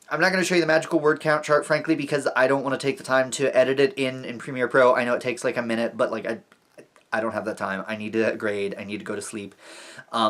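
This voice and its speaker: A man's voice: mid-range voice, fairly bright tone. A man who teaches talks in a casual vlog monologue, rambling and reassuring, often stammering on repeated words. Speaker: vlogger and teacher.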